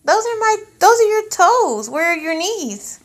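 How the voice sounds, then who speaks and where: A woman at home coaxing a toddler to say words, prompting in a drawn-out, sing-song way. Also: extremely high pitch, very animated. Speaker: parent.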